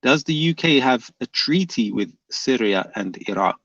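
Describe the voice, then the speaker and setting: A man's voice: medium pitch, lively intonation, moderate pace, fairly bright tone, no echo. Male livestream host, casual debate, insistent and repetitive, muffled lo-fi mic. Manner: pressing, repeats questions, reads chat aloud. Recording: dull lo-fi dry sound.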